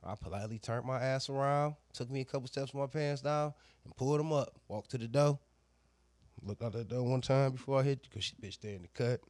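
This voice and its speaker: Speaking fairly quickly in a medium-pitched voice with no echo, a barber casually recounts a crude story packed with slang and voiced quotes, animated and at times loud.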